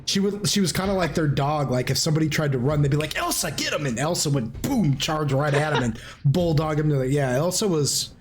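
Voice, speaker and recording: A man's voice: fairly high pitch, fairly quick, few pauses, slight background noise. A man running a tabletop game as game master, telling stories in a loose, rambling way and laughing often. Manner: animated, rambling storyteller who laughs often.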